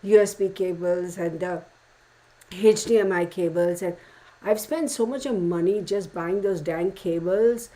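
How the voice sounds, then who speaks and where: Female streamer, casual and rambling, warm mellow voice, calls her viewers y'all. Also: on the low side, a little slow, low-quality recording. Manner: frustrated, rambling talk with many restarts. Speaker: tarot channel host greeting live chat viewers. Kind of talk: casual livestream chat.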